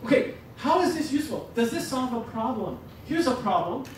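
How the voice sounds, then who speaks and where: A man leading a teaching workshop, lively and joking as he demonstrates to the audience. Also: very high-pitched, fairly quick. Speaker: workshop presenter. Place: lecture room. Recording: echoey hall from a distance, noisy.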